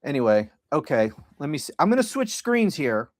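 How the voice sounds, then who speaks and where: A man's voice: on the high side, sing-song, moderate pace, dry recording, clean studio sound. A middle-aged man hosting a podcast livestream, talking casually in a rambling, sardonic and profane way. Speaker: podcast host.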